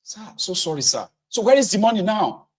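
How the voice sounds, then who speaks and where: A man's voice: high voice, sing-song, fairly quick, a little mellow, husky, voice pushed up, heavily acted. A man doing a polite street interviewer. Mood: polite coaxing. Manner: polite, repetitive, placating.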